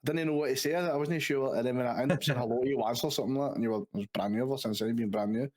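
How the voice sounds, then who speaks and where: A man's voice: mid-range voice, rapid-fire, darkish tone. A man co-hosting a casual podcast, chatty and laughing.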